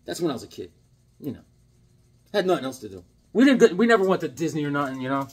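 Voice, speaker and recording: Animated husky-voiced man. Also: on the high side, fast. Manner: animated, playful, jumps into silly character voices. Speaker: comic book vlogger. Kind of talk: casual chat, acting out comic panels.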